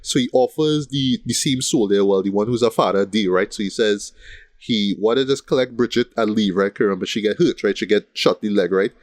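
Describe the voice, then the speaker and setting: A man's voice: fairly low pitch, brisk, no echo. A man co-hosting a casual film podcast, retelling scenes in an easygoing way and checking in with "right?". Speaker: podcast co-host.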